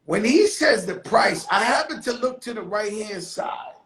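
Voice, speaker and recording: A man hosting his own live stream, telling a story in a casual, animated and profane way, with sudden shouted bursts. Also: sits high, unhurried, reverberant, poor audio. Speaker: livestream host telling a story. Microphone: phone on a live stream.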